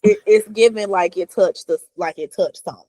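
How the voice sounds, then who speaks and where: A woman chatting about a book over a video call, playful and quick to comment. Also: mid-range voice, warm tone, no room sound, rough recording. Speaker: book club member. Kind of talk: casual chat.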